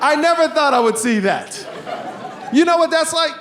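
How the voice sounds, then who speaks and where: Very high-voiced male comedian, punchy. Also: lively intonation, normal speed, a bit bright. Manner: punchy, calls out to the audience. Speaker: stand-up comedian. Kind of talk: stand-up set. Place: comedy club stage.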